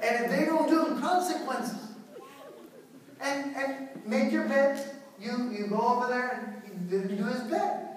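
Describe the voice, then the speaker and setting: Male priest, lively joking delivery; high voice, heard distant in a booming church. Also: unhurried, heavy reverb, a little hiss or hum. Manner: animated and joking, acts out parents and children. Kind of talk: parish talk to families.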